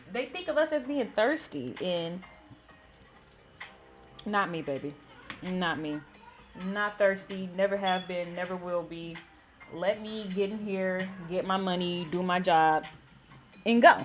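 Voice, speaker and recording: Slow and given to long pauses, her medium-pitched voice carries a casual, chatty story she tells viewers bluntly and with plenty of swearing. She's a vlogger in her thirties from the San Francisco Bay Area, and faint music plays underneath.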